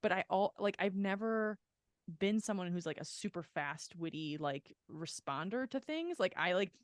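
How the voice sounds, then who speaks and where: In studio-quality audio with no room sound, a woman with an expressive mid-range voice speaks at a moderate pace. Co-hosting a podcast, she chats casually and candidly at length, heavy on "like" fillers and quick to swear.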